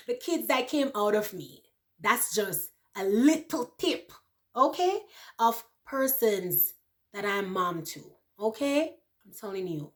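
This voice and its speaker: A woman in her thirties talking casually to her viewers, animated, laughing often and checking in with "you know" and "right". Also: fairly high pitch. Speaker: vlogger. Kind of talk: casual chat to camera.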